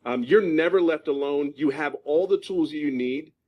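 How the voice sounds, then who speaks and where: A man's voice: a little high, normal speed, highs cut off. A man in his fifties from California giving a passionate testimonial, emphatic and repeating himself for stress. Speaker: program member giving a testimonial.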